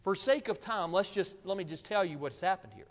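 A man preaching in a church sanctuary, his voice set high for a man. He reads scripture and hammers points home with repetition. A long reverb trails off the hall walls. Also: expressive, brisk. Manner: preaching with emphatic repetition and Bible reading. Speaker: pastor. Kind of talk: sermon.

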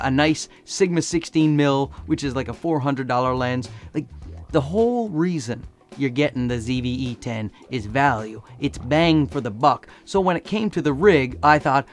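Hoarse joking male camera vlogger. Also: medium pitch. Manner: joking, self-mocking, chatty. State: hoarse from laryngitis. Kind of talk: casual camera review vlog.

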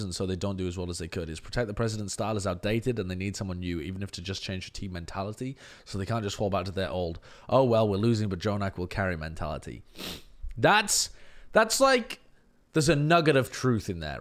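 Esports streamer, male, lowish voice, blunt, swears freely, rants while reading chat. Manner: blunt and profane, ranting; reads and answers viewer chat. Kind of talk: live-stream match analysis.

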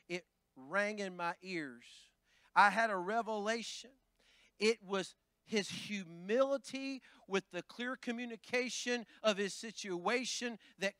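A man pastor preaching a Pentecostal sermon, building from plain talk into shouting. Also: very high voice, clean tone, dry recording. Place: church sanctuary.

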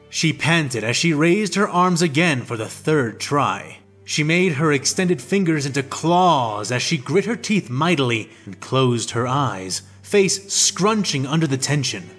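A man narrating a fan fiction audiobook in a steady, descriptive storytelling manner. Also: fairly high pitch.

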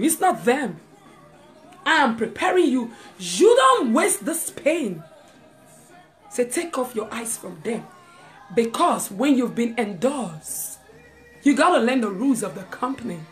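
Woman preacher, live-streamed sermon, animated and talking right to her listeners, soft music in the background. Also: on the high side, unhurried, long pauses. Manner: lively, talks straight to listeners with asides; reads scripture aloud.

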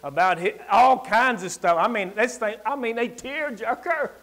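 Male preacher, high voice, rural Southern US accent, folksy and emphatic, big swings in loudness. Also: moderate pace. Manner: emphatic, swings from loud declarations to quiet asides, folksy. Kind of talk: sermon with personal storytelling. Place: church service.

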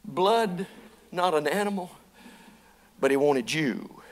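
A man preaches to his church congregation in a high voice. He reads scripture aloud and then explains it in folksy terms. At times his delivery climbs into fervent, shouted preaching. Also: expressive, takes it slowly, long pauses. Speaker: pastor. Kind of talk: sermon. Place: church sanctuary.

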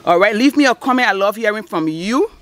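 A woman's voice: medium pitch, animated, a little fast, no room sound. A woman giving an upbeat, emphatic channel introduction to camera. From Liberia. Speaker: vlog host.

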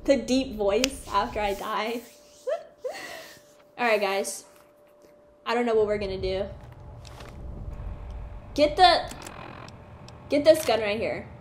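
An excitable woman narrates her gameplay and talks back at the enemies on screen. Her voice sits high, and the room around her is echoey, with a faint hiss underneath. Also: unhurried, pauses often. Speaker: gaming streamer. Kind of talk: gameplay commentary.

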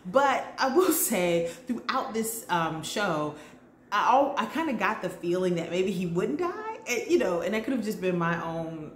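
A woman vlogger recapping a TV episode in a chatty, enthusiastic way with lively slang. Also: mid-range voice, a little slow, slight background noise. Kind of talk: casual chat. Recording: roomy echo.

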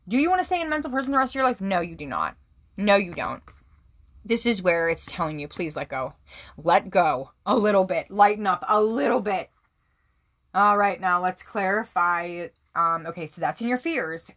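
A young woman reading tarot cards for her viewers, her voice sitting a little low. She talks with excited emphasis, jumping from loud exclamations to quiet, low murmurs. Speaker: tarot reader.

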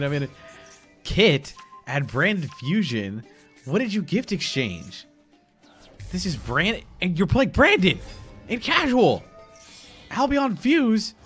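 A young man streaming a card game, giggling and excitedly calling out each play as it happens. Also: sits high. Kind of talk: live gameplay commentary.

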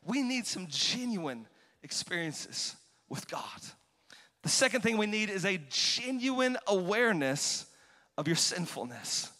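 Brief: pastor, man, high voice, fervent sermon delivery, echoing sanctuary. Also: very animated, a little slow. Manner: passionate, swings from quiet to shouting. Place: large church hall. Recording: long hall reverb.

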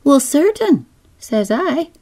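A woman's voice: sits high, very animated, slow, mellow, voice pushed up, exaggerated voice. A woman voicing a whining, gossipy older village woman with a rural New England accent, rambling on in a storybook reading. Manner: whining, rambling, self-pitying.

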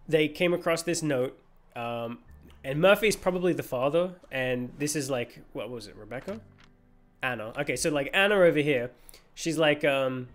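A man streaming a game, rambling and joking through casual commentary with many fillers. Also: a little high.

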